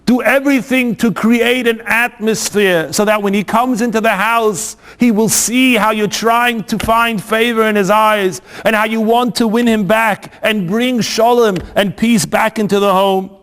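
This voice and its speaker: A preacher gives voice to a patient rabbi who lays out his advice in a measured, instructive way. The very high voice carries through a long hall reverb. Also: fairly even intonation, a bit bright. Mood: advising. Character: calm wise old rabbi giving advice.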